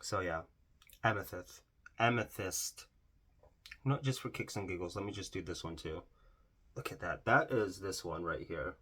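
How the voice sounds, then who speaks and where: A man's voice: low voice, moderate pace, long pauses, fairly bright tone, slightly rough. A man casually swatching eyeshadows in a vlog, gushing over the colors, exclaiming often and trailing off mid-sentence. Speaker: beauty vlogger.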